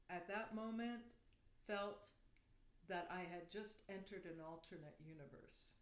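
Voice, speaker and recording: A woman guest on a podcast telling a personal story in a vivid, animated way during casual chat. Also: lowish voice, measured pace. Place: room. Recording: roomy echo.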